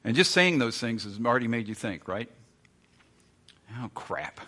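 A man's voice: mid-range voice, animated, fast talker, sharp tone. A man preaching a sermon as pastor, in a conversational, emphatic way full of rhetorical questions.

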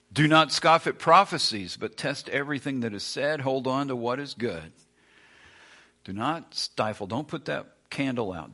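A man's voice: mid-range voice, sharp tone, husky. A man preaching a sermon with emphatic, repeated lines. He acts out the complaints of doubting listeners along the way. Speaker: pastor.

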